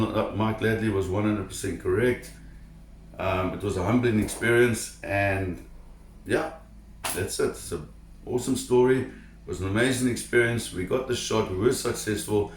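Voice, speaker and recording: A man telling a personal diving story to camera in an animated, emphatic way, repeating words when excited. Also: on the low side, normal speed, echoey room, a little hiss or hum. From South Africa. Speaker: shark diver telling a story.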